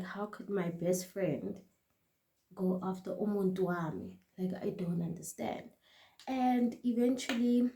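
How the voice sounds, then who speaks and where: A South African woman vlogger telling a storytime casually and chattily, often dropping to a quiet aside. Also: medium pitch, roomy sound.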